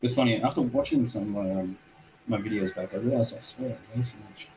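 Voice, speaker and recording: An Australian man in his twenties or thirties chats as a guest on a live stream, laughing and swapping stories. His voice sits low. A faint background noise runs under him. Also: a little fast, darkish tone, low-quality recording. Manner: laughing often, storytelling. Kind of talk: casual chat on a live stream.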